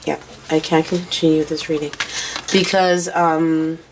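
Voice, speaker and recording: Speaking to camera, a woman gives a casual tarot reading, rambling through what she senses and muttering what she hears. Her low voice sounds worn out and tired, with little pitch movement and a measured pace, over a noisy background.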